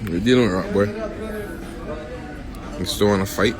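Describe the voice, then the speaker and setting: A man's voice: low voice, a little slow. A man ranting and taunting on a phone livestream, breaking into sing-song chants. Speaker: rapper on a livestream. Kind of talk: rowdy livestream rant.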